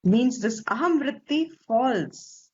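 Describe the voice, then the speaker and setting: A woman teacher with an Indian English accent, explaining scripture slowly and deliberately, stressing Sanskrit terms and posing rhetorical questions. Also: fairly high pitch, animated, darkish tone, slightly rough. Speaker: Vedanta teacher. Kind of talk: slow scriptural class explanation. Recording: slightly dull lo-fi recording.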